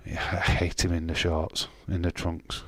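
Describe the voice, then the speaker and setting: Low-voiced man chatting on stream. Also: monotone, normal speed, no echo. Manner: chatty, reacting to chat comments with banter and mild swearing. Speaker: streamer reading chat. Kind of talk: casual live-stream chat.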